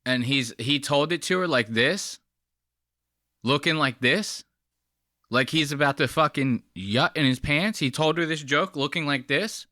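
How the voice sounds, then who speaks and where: A man's voice: on the high side, measured pace, bright, forceful tone, no echo, clean studio sound. A man hosting a reaction channel, giving profane, mocking casual commentary on a clip.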